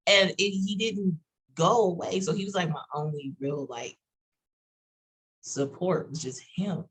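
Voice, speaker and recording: A woman with a Texas accent chatting on a roundtable video call, talking fast and rambling with many fillers. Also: lowish voice, expressive, slightly rough, rough recording. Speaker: roundtable panelist. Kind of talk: casual chat.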